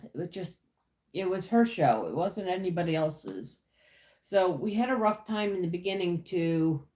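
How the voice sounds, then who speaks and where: A woman's voice: lowish voice, darkish tone, roomy sound. A woman hosting a casual livestream from the United States, greeting viewers by name and chatting about her week. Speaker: livestream host. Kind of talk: casual live chat.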